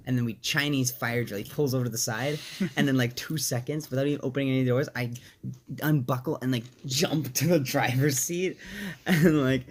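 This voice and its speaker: Young male co-host, halting rambling storyteller, faint noise. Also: mid-range voice. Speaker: podcast co-host. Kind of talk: casual storytelling.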